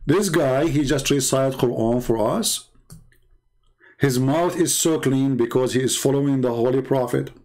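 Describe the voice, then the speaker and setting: A man hosting a debate livestream, talking in a mocking, scornful and emphatic way, with non-native English and broken grammar, his voice slightly hoarse. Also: mid-range voice, measured pace, darkish tone. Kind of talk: livestream commentary while calling viewers.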